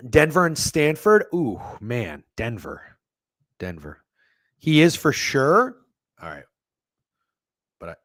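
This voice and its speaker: Rambling, profane betting-show host, lively pitch. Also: male voice, slow, long pauses, no room sound, studio quality. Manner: profane, rambling, self-interrupting. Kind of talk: live-streamed betting chat reading chat comments.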